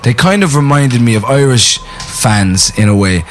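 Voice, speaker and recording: A man singer, a podcast guest, talking in a relaxed, meandering way with lots of fillers. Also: medium pitch. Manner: relaxed, drawn-out storytelling with fillers. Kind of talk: casual chat.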